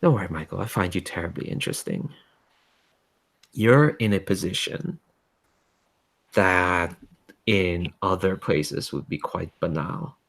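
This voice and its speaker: Brief: man doing a jaded dimensional entity, smug and slow, low-pitched. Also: creaky, a bit bright, full character voice. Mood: amused. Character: bored, mocking otherworldly being from another dimension.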